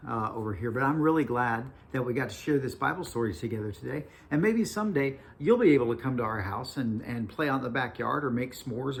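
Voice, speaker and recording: A man from a children's ministry, telling a Bible story to children outdoors in an animated way, often repeating words as he goes. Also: medium pitch, creaky. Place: outdoors in a backyard by a fire pit. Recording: noisy outdoor recording.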